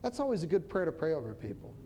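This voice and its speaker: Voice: medium pitch, sing-song, mellow, a little hiss or hum. Conversational minister telling a testimony. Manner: conversational, halting with restarts. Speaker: minister who prophesies over people. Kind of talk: storytelling testimony.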